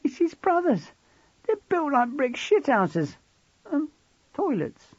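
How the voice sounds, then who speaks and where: A man's voice: very high voice, huge pitch swings, slow pace, no room sound, highs cut off, pitched above the performer's own voice, heavily acted. A man voicing a frightened, sullen teenage schoolboy who whines and stammers. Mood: panicky. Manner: whiny, panicky, stammering.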